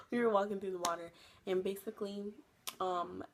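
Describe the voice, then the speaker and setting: A young woman telling a casual storytime, chatty, filling nearly every phrase with "like", laughing often and jumping her pitch when she acts out what others said. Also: steady tone, normal speed, slight background noise. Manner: acts out quoted people with jumps in pitch. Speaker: vlogger.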